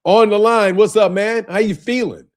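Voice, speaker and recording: A man's voice: sits high, fairly even intonation, moderate pace. A man hosting a boxing channel livestream, chatting casually and profanely while greeting viewers by name.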